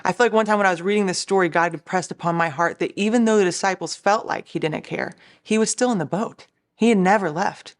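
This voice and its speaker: A woman's voice: medium pitch, quick pace. A woman, a Christian recording artist, giving an earnest, encouraging devotional talk in a conversational way.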